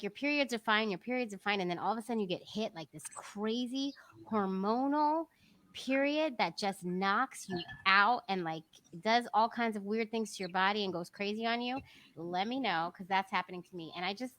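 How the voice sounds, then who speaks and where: Woman, middle-aged, podcast co-host, candid casual chat, confiding, bright, mid pitch. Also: normal speed.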